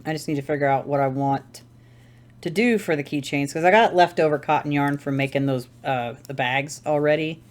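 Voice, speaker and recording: A woman's voice: low-pitched, fairly quick. A woman hosting a crafting channel, chatting casually at home while she knits, rambling and correcting herself as she thinks aloud. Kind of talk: casual chat while knitting.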